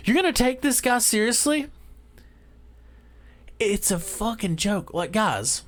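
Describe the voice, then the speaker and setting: A man with a drawl delivering a heated, profane ranting monologue as a vlogger, swinging between loud outbursts and quiet asides. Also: high-pitched, expressive, measured pace.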